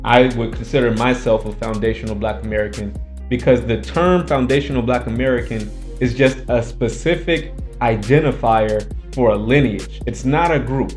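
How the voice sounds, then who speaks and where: A man's voice: mid-range voice, normal speed, soft background music. Emphatic man hosting commentary. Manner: emphatic, argumentative, repeats points. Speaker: commentary channel host. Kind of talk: opinionated casual commentary.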